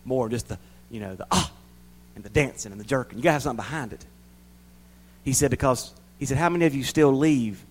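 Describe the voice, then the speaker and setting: A mid-range-voiced man preaches a folksy sermon, repeating words for emphasis and swinging between loud, emphatic bursts and quiet asides. The audio quality is poor.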